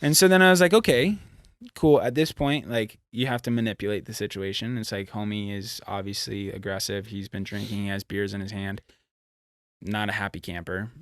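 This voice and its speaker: A young man from California, a podcast guest, telling a road story in a casual, profane, animated way. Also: lowish voice, a little fast, clean tone, no room sound. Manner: animated, profane, acts out quotes.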